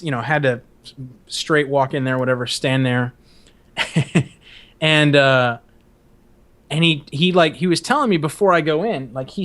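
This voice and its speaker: A man's voice: a little high, a bit bright. Profane, rambling male podcast host. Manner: profane, rambling, laughs while telling stories. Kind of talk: casual storytelling chat.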